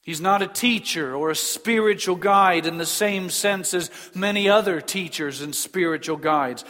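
A man preaching a sermon in an earnest, emphatic way, slowing down on key phrases. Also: sits high, bright, forceful tone. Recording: long reverb of a large hall.

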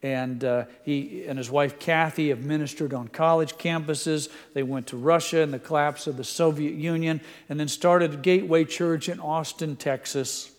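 A man preaching a sermon, reading quotes aloud in an earnest voice and moving into a quiet prayer. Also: a little high, fairly even intonation, moderate pace, hardly any pauses, in a large hall.

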